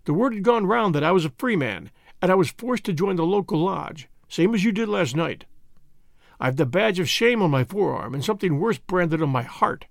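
A man's voice: high voice, lively intonation, normal speed, vocal fry, no echo, studio quality. A man voicing a bitter, fearful older lodge brother. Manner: vehement, pleading, grave.

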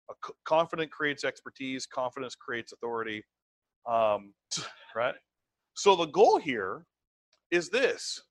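Emphatic male sales trainer, fairly high voice. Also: no room sound. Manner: emphatic, tags points with "right?" and "okay?"; repeats words, conversational and animated. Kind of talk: live training talk to a group.

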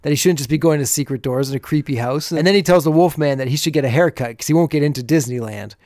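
A man's voice: on the high side, fast talker, a little mellow, no echo, studio quality. A man hosting a podcast, casually recapping an old TV episode and chuckling as he retells the scenes.

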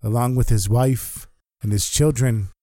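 A man narrating a story, earnest and animated. His voice is mellow and dark, average in pitch, recorded dry and close. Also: a little slow, dry recording. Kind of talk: spoken storytelling.

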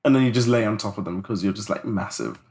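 A man's voice: on the low side, fast, vocal fry, darkish tone, slight background noise. A man co-hosting a podcast in casual chat, rambling loosely and filling his talk with "like". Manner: loose, rambling, heavy use of "like". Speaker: podcast co-host.

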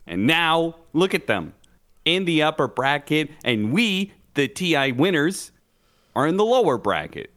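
A man's voice: a little high, very animated, unhurried, fairly bright tone. A young man co-hosting a casual podcast, swearing freely and acting out quoted lines with lots of energy. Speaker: podcast co-host. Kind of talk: casual chat.

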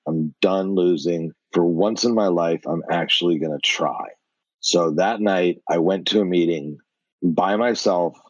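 A man's voice: sits low, dry recording, muffled recording. A middle-aged man from New York, a podcast guest telling his life story with blunt, profane energy.

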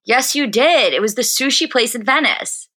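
A woman's voice: fairly high pitch, expressive, normal speed, pushed and bright. A woman co-hosting a podcast who chats casually and talks bluntly, swearing freely. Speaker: podcast co-host. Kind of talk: casual chat recapping a reality show.

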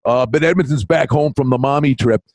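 A man with a Canadian accent co-hosting a sports betting podcast, telling stories with lively acted-out voices. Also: mid-range voice, brisk, vocal fry, dry recording. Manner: animated storyteller, acts out voices in anecdotes. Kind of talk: casual sports betting chat.

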